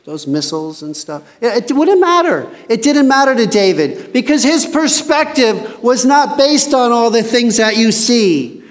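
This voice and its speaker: A man teaching a Bible passage in a casual sermon, reading scripture aloud and commenting in a chatty, joking way. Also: sits high.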